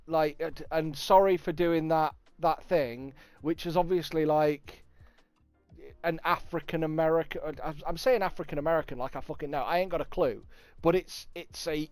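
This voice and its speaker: A man with a Nottingham accent chats away on his livestream, swearing freely and getting excited as he thanks viewers. His voice sits a little high and sounds smooth and crisp, recorded close and dry. Faint music plays underneath. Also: measured pace, no echo. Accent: Nottingham English. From England. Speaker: livestream host. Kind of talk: casual livestream chat reading viewer comments.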